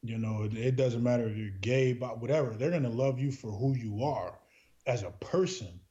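Mellow-voiced man telling a story earnestly. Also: medium pitch, moderate pace. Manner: earnest, heavy with filler words. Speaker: podcast guest. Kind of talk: casual storytelling. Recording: dull lo-fi recording.

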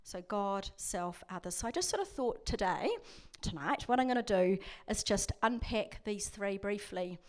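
A woman's voice: medium pitch, expressive, normal speed, hardly any pauses. A woman, preaching a sermon as a prison chaplain in a conversational, storytelling way. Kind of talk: sermon with scripture reading.

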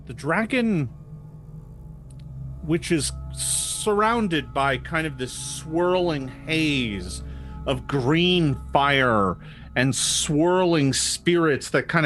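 Guy game mastering a tabletop game, slow and hesitant, lots of ums. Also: a little high. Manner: hesitant, many ums and restarts.

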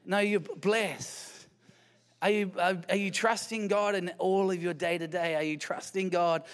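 A man's voice: high-pitched, fairly even intonation, measured pace, clear, resonant tone. A man preaching a sermon as pastor. He speaks conversationally, firing rhetorical questions at the congregation and slipping in light self-deprecating humor.

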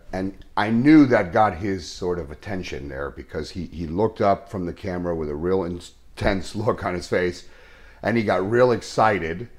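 A man, an actor being interviewed, telling a story in a casual, earnest way, halting often with restarts and fillers. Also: deep voice.

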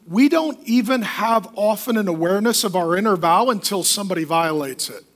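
A man preaching a sermon as a pastor, emphatic and lively, often acting out the voices of the people he quotes. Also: sits high, fairly quick.

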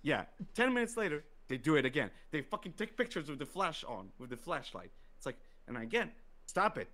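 A man telling a story in casual podcast chat, profane and animated, acting out quotes. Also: fairly high pitch, fairly quick.

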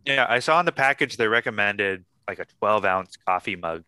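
A man's voice: fairly low pitch, lively intonation, brisk, sharp tone, clean tone, no echo. A man hosting a casual podcast chat, rambling and swearing freely as he talks. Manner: chatty, profane, rambling asides. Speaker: podcast host.

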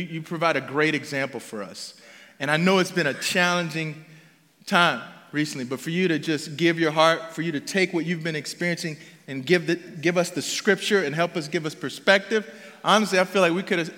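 A man's voice: a little high, a bit bright, long reverb tail. A man preaching a sermon as pastor in a conversational, emphatic way, often restarting his phrases.

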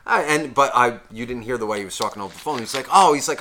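A man co-hosting a podcast, telling stories in an animated way and swearing constantly. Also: mid-range voice, racing, hardly any pauses. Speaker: podcast co-host. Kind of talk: casual chat.

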